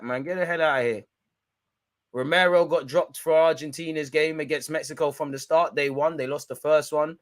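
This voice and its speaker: A man's voice: fairly high pitch, no room sound, studio quality. A young man hosting a football watch-along, bantering and mocking in slangy casual chat. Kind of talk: casual live match reaction.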